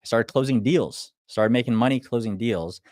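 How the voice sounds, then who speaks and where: A man's voice: mid-range voice, normal speed, a little mellow, no room sound, studio quality. A young man, an online business coach, talking bluntly and with plenty of profanity on a casual livestream. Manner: blunt, profane, acts out clients' lines.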